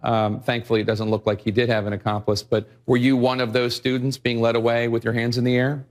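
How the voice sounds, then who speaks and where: Guy anchoring the news, pretty flat delivery, asks questions with a few uhs. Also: medium pitch. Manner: measured questions with some hesitation. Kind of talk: broadcast interview.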